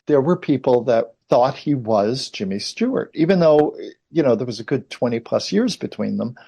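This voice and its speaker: A man's voice: mid-range voice, expressive, moderate pace, gravelly, dark tone, slightly rough. A man in his fifties, an actor being interviewed, telling long anecdotes in a casual, chatty way full of asides. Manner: rambling anecdotal storyteller, many asides.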